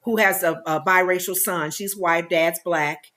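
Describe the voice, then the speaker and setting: A woman co-hosting a casual talk show, chiming in often with quick affirmations. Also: on the low side, steady tone, bright, forceful tone. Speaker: co-host. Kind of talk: casual chat.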